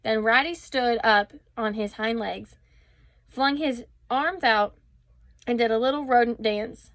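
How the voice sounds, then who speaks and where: Woman, storybook reader, expressive, slightly high voice, dry close sound. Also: measured pace, dry recording. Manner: expressive storytelling with small slips. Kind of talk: reading a children's storybook aloud.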